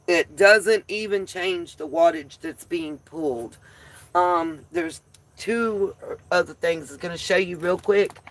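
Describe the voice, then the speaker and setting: A woman's voice: fairly low pitch, slow. A woman with a Southern accent hosting a casual live stream, chatting with viewers in a folksy way and calling them y'all. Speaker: livestream host.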